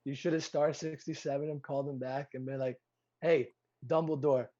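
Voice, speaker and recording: A man with a mellow, dark tone, heard through dull, lo-fi video call audio. He co-hosts a podcast in casual chat, ribbing his partner with jokes and curses. His pitch sits right in the middle for a man. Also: flat delivery. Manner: joking, quick to rib and curse. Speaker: podcast co-host.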